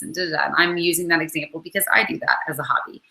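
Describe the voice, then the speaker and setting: A woman's voice: low-pitched, quick pace, creaky, hardly any pauses, pushed and bright, reverberant, poor audio. A woman network marketing coach talking casually to her followers, full of "um" and "like", with the hiccups. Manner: chatty, many fillers like "um" and "like". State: has the hiccups. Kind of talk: casual video talk to followers.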